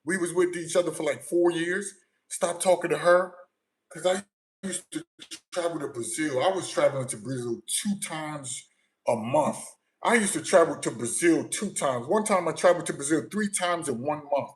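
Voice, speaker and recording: A fairly high-pitched man from the United States, chatting casually as he hosts a livestream. He tells his stories with lively energy and drops into low, quiet asides between loud bursts. His talk is loose and conversational. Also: normal speed, poor audio. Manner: animated storytelling, shifts often from low mumbles to loud bursts. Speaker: livestream host.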